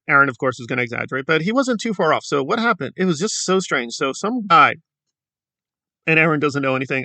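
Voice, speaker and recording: Bright-voiced sarcastic male commentator. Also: fairly high pitch, dry recording. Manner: sarcastic, critical, chatty. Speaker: YouTube commentator. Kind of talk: casual commentary vlog.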